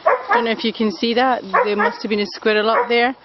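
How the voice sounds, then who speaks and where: A woman filming on her phone while walking a pack of dogs outdoors, chatting and calling to the dogs in a high sing-song voice. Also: fairly even intonation, fairly quick, highs cut off, heavy background noise. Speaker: dog daycare walker filming a walk. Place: outdoors in woods and fields by a loch. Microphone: phone camera held while walking.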